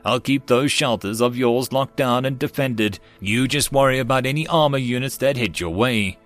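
A man voicing a gruff human general with a rough, growling voice and a blunt, commanding manner. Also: mid-range voice, moderate pace, fairly bright tone, faint music behind, close to an everyday voice.

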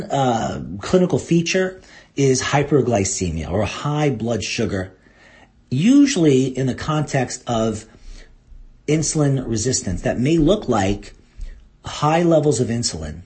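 A man hosting a health radio show as a doctor, talking listeners through the topic in an animated way. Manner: animated, mock-quotes listeners in a higher voice. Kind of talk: health talk radio monologue.

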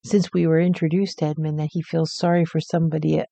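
A woman co-hosting a podcast book discussion, playful, teasing and quick to laugh. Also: low-pitched, flat delivery, vocal fry, dark tone, dry recording. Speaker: podcast co-host. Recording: dull, lo-fi sound.

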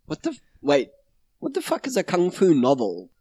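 Joking young man with a higher voice. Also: moderate pace, breathy edge. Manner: joking, expressive, laughs often. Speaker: podcast co-host. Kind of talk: casual comedic chat.

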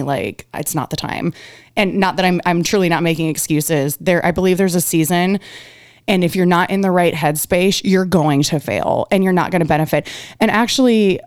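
Lively storytelling woman, smooth and dry. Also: on the low side, no room sound. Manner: animated storyteller, acts out quotes, laughs, swears. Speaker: guest. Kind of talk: casual podcast chat.

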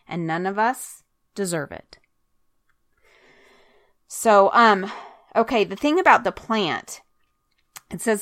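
A woman's voice: on the low side, fairly bright tone, no echo, studio quality. A woman leading a conversational Bible study, earnest and chatty, stopping now and then to read scripture aloud. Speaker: Bible teacher.

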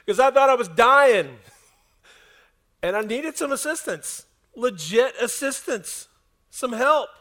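High-voiced man preaching conversationally. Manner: conversational preaching, dropping to a soft hush for emphasis. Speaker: pastor. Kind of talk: sermon. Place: church service with a congregation.

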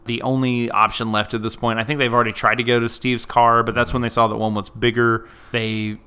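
Speaking fairly quickly in a level, medium-pitched voice that is clear, resonant, pushed and bright, a man co-hosts a podcast. He recaps a movie in a chatty way, laughing easily and leaning heavily on "like."

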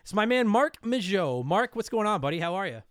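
High, smooth-voiced excitable man. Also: brisk, no room sound, clean studio sound. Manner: excitable, swears freely. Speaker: podcast host. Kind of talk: casual podcast chat.

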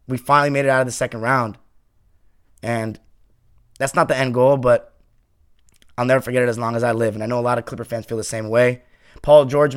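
A man hosting a sports podcast, delivering a passionate fan monologue that swings from heated ranting to quiet, heartfelt reflection. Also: medium pitch, clear, resonant tone.

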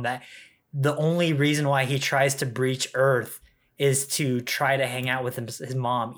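A man talking in a relaxed podcast conversation, his voice sitting at an ordinary middle pitch. He speaks earnestly and haltingly, and he sounds emotional and close to tears. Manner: earnest, gets choked up while talking. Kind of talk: casual podcast chat.

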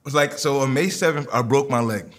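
A man preaching a sermon, leading communion and then telling a personal story with lively quoted dialogue. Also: medium pitch, fairly quick. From New York. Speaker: pastor.

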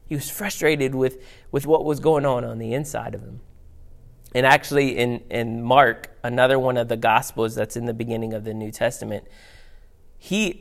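A man preaching a sermon in an animated, conversational way, reading scripture aloud. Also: mid-range voice, creaky. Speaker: pastor.

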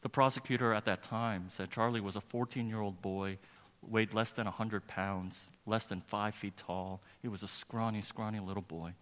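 Low-voiced male pastor in a reverberant hall. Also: fairly even intonation, moderate pace, a bit bright. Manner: earnest storytelling that swells to emphatic preaching. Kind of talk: sermon. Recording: long reverb of a large hall.

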